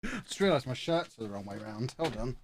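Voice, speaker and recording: A man's voice: medium pitch, expressive, a little fast, slight background noise. An English man casually chatting on a live stream, joking with people in the room and laughing often, with close desk-mic sound. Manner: jokey, laughs a lot, talks to the room and to the chat.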